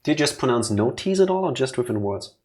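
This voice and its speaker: A man's voice: mid-range voice, sing-song, fast talker. Chatty man co-host. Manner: chatty, jokey, asks lots of questions. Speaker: co-host of a let's play. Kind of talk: casual chat.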